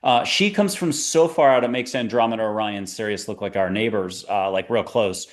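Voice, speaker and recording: A man hosting a spiritual talk show, chatting in a rambling, animated way that jumps between ideas. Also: fairly low pitch, moderate pace. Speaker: podcast host.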